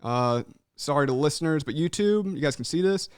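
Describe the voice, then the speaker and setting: Lively young man hosting a podcast. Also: fairly high pitch, a little fast, smooth, no echo, clean studio sound. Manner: animated, swears freely, says "man" a lot. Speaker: podcast host. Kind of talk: casual chat.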